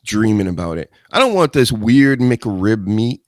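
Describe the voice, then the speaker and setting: A man's voice: fairly low pitch, very animated, a little slow, dry recording. A man hosting a solo chat show into a studio mic, rambling and joking with crude asides. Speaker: show host.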